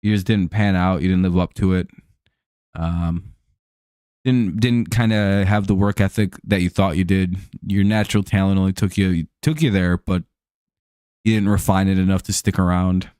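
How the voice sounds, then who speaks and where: An American man calls plays and rambles casually through a live stream, swearing and filling gaps with "like" and "um". His voice sits on the low side. The sound is dry and close, with almost no room echo. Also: fairly even intonation, moderate pace, a little mellow, clean tone. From United States. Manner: rambling, profane, heavy on fillers. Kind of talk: casual chat over a live baseball game.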